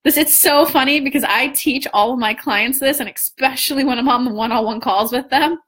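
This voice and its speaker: A young woman coaching on manifesting, chatting casually in a live stream, animated with lots of restarts and the odd swear. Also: sits high, brisk, slightly rough. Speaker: law of attraction coach.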